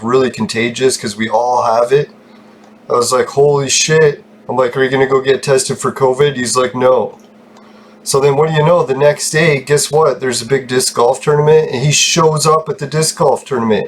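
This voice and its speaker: A man's voice: medium pitch, slight background noise. A man hosting his own gaming channel, talking casually over gameplay, swearing freely and laughing often as he rambles.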